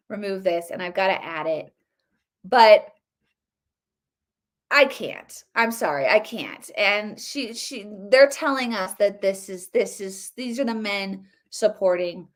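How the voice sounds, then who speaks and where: A woman in her thirties hosting casual solo political commentary, emphatic and conversational with frequent restarts and fillers. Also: medium pitch.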